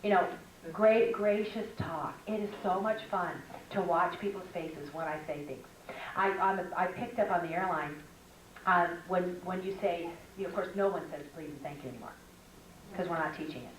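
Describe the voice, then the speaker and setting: A woman's voice: fairly low pitch, normal speed, recorded from a distance, slight background noise. An older woman giving a chatty, humorous teaching talk to women, full of stories. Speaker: speaker at a women's conference. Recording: echoey hall, mic from afar.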